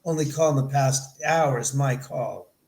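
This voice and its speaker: A middle-aged man from Los Angeles, a podcast guest, telling a story in an animated way and acting out the people he quotes. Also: medium pitch, a little slow, creaky. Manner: animated, acts out quoted dialogue. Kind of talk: storytelling in an interview. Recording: echoey room.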